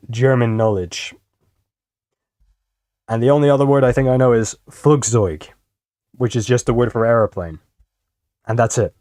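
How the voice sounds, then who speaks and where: A man's voice: medium pitch, a little mellow, no echo, studio quality. Rambling, foul-mouthed young male streamer. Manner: rambling, swears freely, self-deprecating. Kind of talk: casual reaction commentary.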